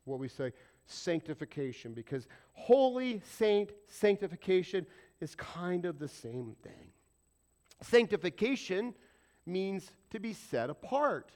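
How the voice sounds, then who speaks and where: With a high-pitched voice, this pastor keeps his sermon lively and conversational, regularly asking the congregation questions.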